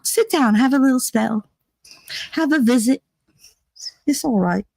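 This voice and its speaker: A woman's voice: sits high, animated, measured pace, gravelly, dark tone, no room sound, voice pushed up, heavily acted, low-quality recording. A woman putting on a clumsy English accent to play a cosy lady offering a cup of tea. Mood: cosy fussing. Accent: bad put-on English accent.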